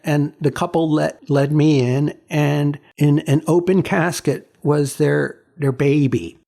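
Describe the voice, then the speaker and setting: A man in his sixties, a photographer being interviewed, telling stories in a halting way with many repeats and fillers. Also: fairly high pitch, fairly even intonation, creaky, warm tone. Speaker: photographer, guest. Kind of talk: reflective storytelling in an interview.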